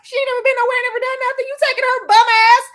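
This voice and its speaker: Sneering snobby rich teen boy, put on by a woman, loud and high. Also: little pitch movement, racing. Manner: mocking, loud.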